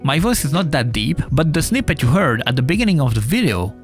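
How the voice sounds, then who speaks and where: A man's voice: on the high side, very animated, fast talker. A man with a non-native English accent, casually explaining a music production tutorial over a desktop mic, with filler uhs. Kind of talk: screen-recorded software tutorial. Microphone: desktop USB mic.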